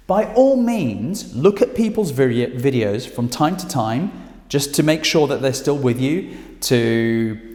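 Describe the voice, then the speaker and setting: British man, coaching tone, emphatic delivery, roomy echo, long reverb tail. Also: mid-range voice. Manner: emphatic, lively intonation, coaching tone. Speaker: presentation skills trainer. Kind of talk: direct-to-camera instructional talk. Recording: echoey room with long reverb.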